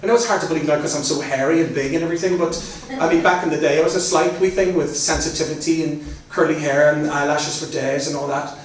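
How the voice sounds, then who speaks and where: A man's voice: fairly high pitch, steady tone, fast, few pauses. A middle-aged man with a Belfast accent, giving a chatty, joking talk to a live audience. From Northern Ireland. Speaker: guest speaker. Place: large hall with an audience. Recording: very echoey hall, mic at a distance, faint noise.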